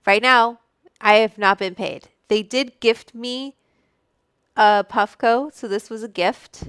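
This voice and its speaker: A woman hosts a casual livestream from her room at home, rambling from one thought to the next, greeting viewers by name and cursing freely. She talks at an unhurried, drawn-out pace into a studio microphone, and her voice comes through smooth and clean with a dry, close sound. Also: fairly high pitch, steady tone, fairly bright tone, no room sound. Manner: rambling, chatty, reads out viewer names and swears freely. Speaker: livestream host.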